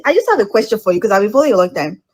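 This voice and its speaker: A woman calling in to a dating show, insistent and defensive, rushing her words in bursts with restarts. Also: medium pitch, big pitch swings, darkish tone, reverberant. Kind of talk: defensive live-stream call.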